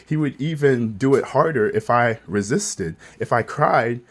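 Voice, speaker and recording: A man's voice: medium pitch, lively intonation, a little slow. A young man talking through hard personal memories in a rambling, emotional monologue that is full of swearing. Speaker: vlogger.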